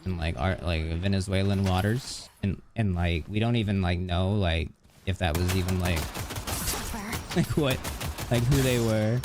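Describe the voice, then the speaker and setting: With music playing beneath him and some background noise, a low-voiced man chats casually on a live stream. He rambles unhurriedly with lively intonation, stringing ideas together and leaning heavily on "like."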